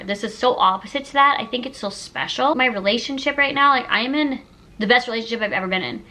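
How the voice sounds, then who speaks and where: A woman's voice: on the high side, a little fast, bright, forceful tone, rough recording. A woman of about thirty talking casually to the camera, emotional and gushing, with many fillers like "like". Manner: emotional, gushing, heavy use of "like". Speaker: YouTuber. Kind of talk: casual sit-down chat.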